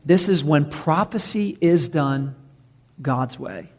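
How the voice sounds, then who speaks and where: A male pastor preaching a sermon, stressing key words slowly and acting out quoted voices. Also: on the high side, expressive, darkish tone. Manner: preaching with emphatic slow stresses and acted-out quotes.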